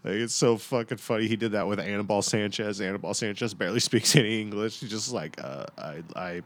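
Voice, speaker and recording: A man's voice: fairly low pitch, fairly even intonation, fast, fairly bright tone, no echo. A young adult man hosting a casual podcast, ranting sarcastically and swearing a lot. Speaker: podcast host. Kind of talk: casual profane commentary.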